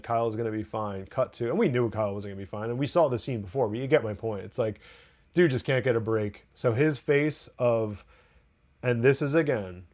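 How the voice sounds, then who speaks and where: A man hosting a TV podcast, giving a casual, excited episode review full of restarts and asides. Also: mid-range voice. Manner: excited, rambling, with frequent restarts.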